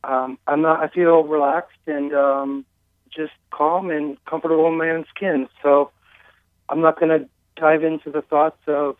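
A man's voice: fairly high pitch, steady tone, unhurried, dry recording. A man calling in to a radio show, speaking hesitantly with many fillers. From United States. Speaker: caller. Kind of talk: phone-in conversation. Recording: tinny dry phone line.

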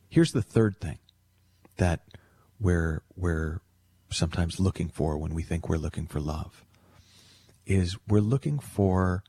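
A man hosting a radio call-in show, talking earnestly and reflectively and slowing down for emphasis. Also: deep voice, vocal fry, a little mellow, husky. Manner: earnest, storytelling, slows for emphasis. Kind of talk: reflective radio talk on love.

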